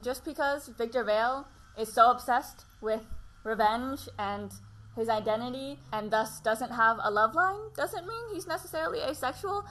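A woman's voice: fairly high pitch, a bit bright, a little hiss or hum. A woman chatting casually to camera about books. She gushes with enthusiasm and laughs often. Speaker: book vlogger. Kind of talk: casual book chat to camera.

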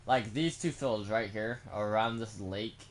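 A man's voice: fairly low pitch, measured pace. Goofy swearing young gamer man. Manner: goofy, swears, bursts into silly sung bits. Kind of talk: casual let's-play commentary.

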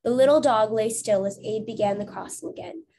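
A woman's voice: a little high, a little fast, mellow, a little hiss or hum. A woman teacher reading a storybook aloud to young students, then asking encouraging discussion questions. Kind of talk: reading aloud to children, lesson.

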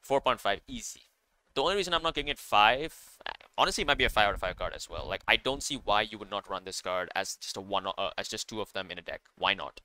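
A man's voice: on the low side, expressive, fast talker, sharp tone, a little hiss or hum. A man commenting casually on a card game, enthusiastic and rambling, with many fillers and self-corrections. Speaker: card game content creator.

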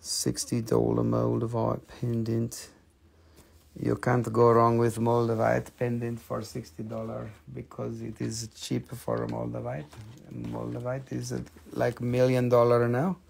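A man hosting a live sales stream, joking and chatting with viewers as he pitches each item. His voice is gravelly and his delivery slow and unhurried, at a mid pitch. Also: monotone, darkish tone. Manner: jokey, chatty, coaxes viewers to comment. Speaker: host selling minerals on a live stream.

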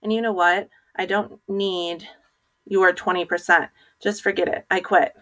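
A woman's voice: lowish voice, flat delivery, unhurried, fairly bright tone, poor audio. A woman voicing a huffy stubborn schoolboy. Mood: indignant. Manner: huffy, indignant. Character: clever, stubborn schoolboy friend, huffy and fed up.

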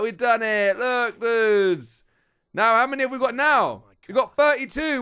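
A British man commentating casually on a mobile game he is playing, chatty and excitable, talking straight to his viewers. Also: very high voice, normal speed, clean tone. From United Kingdom. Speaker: gaming channel host.

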